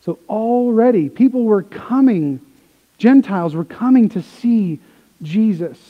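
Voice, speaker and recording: A man preaching a sermon, swinging from quiet explanation to excited retellings of the crowd. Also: high-pitched, measured pace, phone-quality sound. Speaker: pastor.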